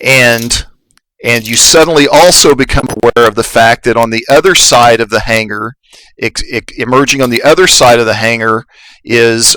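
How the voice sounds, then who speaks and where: A man narrating as game master of a tabletop game, relaxed and halting, with many fillers. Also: mid-range voice, no room sound, low-quality recording.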